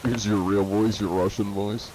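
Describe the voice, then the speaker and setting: Laid-back low-voiced male streamer. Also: steady tone, normal speed, darkish tone, a little hiss or hum. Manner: reads viewer comments aloud and answers them offhandedly; laid-back, joking, chuckles often. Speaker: live streamer playing a pirate game. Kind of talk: casual live-stream chat while gaming.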